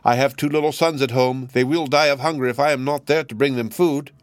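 Storybook stork, shrill and pleading played by a man, strained high voice, dry sound. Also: steady tone, brisk, no room sound, lightly acted. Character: shrill pleading stork, a tall anxious bird.

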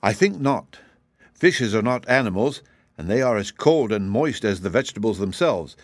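A man's voice: lowish voice, expressive, normal speed, no room sound, clean studio sound. A man doing a kindly old humbug wizard. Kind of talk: audiobook reading.

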